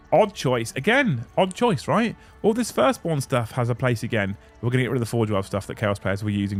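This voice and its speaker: A man hosting a casual livestream, ranting bluntly and swearing as he reads viewer messages. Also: mid-range voice. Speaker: streamer host reading super chats.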